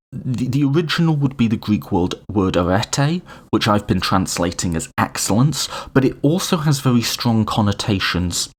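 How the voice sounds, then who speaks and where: Male podcast host, low husky voice, lively pitch, casual lecture with asides. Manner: animated and informal, frequent restarts and asides. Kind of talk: casual lecture on political philosophy.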